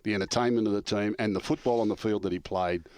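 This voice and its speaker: A man's voice: lowish voice, fast. An older man, a former coach telling stories in casual chat, acting out the dialogue and laughing through the punchlines. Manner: animated storyteller, acts out quoted dialogue, laughs through punchlines. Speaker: former coach and show regular.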